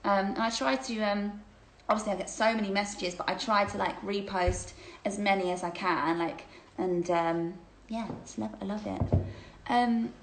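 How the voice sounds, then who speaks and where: A woman's voice: mid-range voice, steady tone, normal speed, echoey room, slight background noise, low-quality recording. A woman hosting a casual livestreamed chat, reading out viewer questions, gushing and chatty and laughing often.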